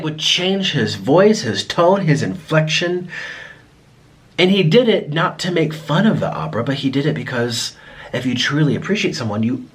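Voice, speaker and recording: Rambling man with a lively, swooping voice. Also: medium pitch, breathy edge. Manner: rambling, talks in circles. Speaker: mukbang vlogger. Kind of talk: casual chat to camera while eating.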